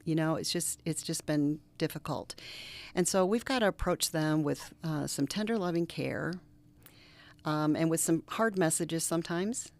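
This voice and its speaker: A middle-aged woman, a reverend, speaking as an interview guest and telling personal stories earnestly, now lively, now dropping to a soft near-whisper. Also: low voice, normal speed. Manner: earnest, animated storyteller who drops to soft near-whispers. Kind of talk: interview conversation with personal storytelling.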